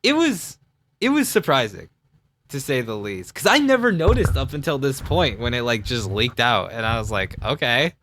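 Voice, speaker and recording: A man's voice: medium pitch, very animated, normal speed, fairly bright tone, a little hiss or hum. A young man streaming casual commentary on his own parody series, rambling with lots of fillers and laughs.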